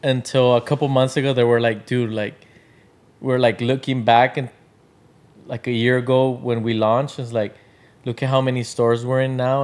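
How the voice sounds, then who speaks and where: A man chatting casually as a podcast guest, rambling with lots of fillers and acting out quotes from other people. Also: medium pitch. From Washington state, Tri-Cities area. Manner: loose, filler-heavy storytelling with acted-out quotes. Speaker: podcast guest, drink brand founder.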